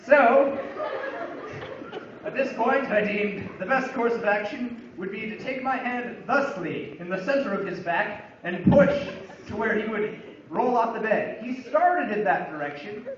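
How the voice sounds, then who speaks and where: A man with a high voice tells a funny personal story with dry, growing exasperation. He is caught from far off by the camera, so the sound is distant and dull. The big room around him echoes heavily. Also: animated, measured pace, background noise. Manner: wry, building comic exasperation. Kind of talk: humorous storytelling monologue.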